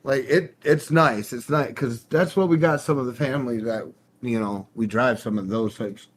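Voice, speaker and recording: A man's voice: mid-range voice, normal speed, slight background noise. A young adult man hosting a livestream, rambling through a story in casual chat and swearing freely. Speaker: stream host.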